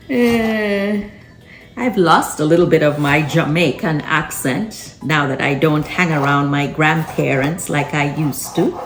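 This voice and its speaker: A woman's voice: low voice, measured pace, few pauses. A woman hosting a cooking vlog, chatting and reflecting to herself as she chops in her home kitchen. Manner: chatty and reflective, talks to herself while chopping. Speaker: vlog host. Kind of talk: casual cooking chat. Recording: echoey room with background music. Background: background music.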